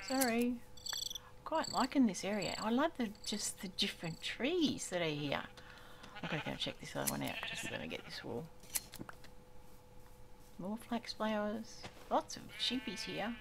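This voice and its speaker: Woman, older, unhurried let's-play chatter, very animated pitch, noisy home recording. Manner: chatty, talks to the animals, exclaims often. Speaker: gaming YouTuber. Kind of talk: casual let's-play commentary.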